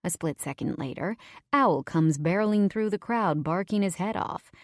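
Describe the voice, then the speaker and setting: A woman's voice: lowish voice, lively intonation, moderate pace, dry recording, clean studio sound. Woman narrating a romance audiobook. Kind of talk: first-person romance narration.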